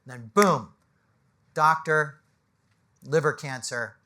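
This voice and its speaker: A man, a business coach, gives an animated motivational talk to a live audience in an event space, firing off rhetorical questions and tagging lines with "right?". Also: on the high side, slow pace. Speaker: business coach speaking on a panel.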